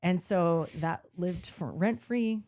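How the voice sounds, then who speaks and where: A young woman hosting a podcast, telling stories in casual chat, animated and profane, acting out the people she quotes. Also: fairly low pitch, slow. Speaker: podcast host.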